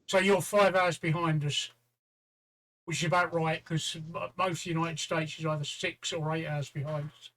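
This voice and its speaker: Older male co-host, high-pitched, bantering in a relaxed livestream chat. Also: normal speed. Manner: chatty, teasing banter.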